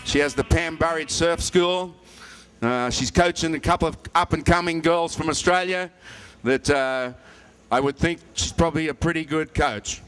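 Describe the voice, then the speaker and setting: A man's voice: on the high side, moderate pace, a bit bright, smooth. Man introducing an honoree over faint music.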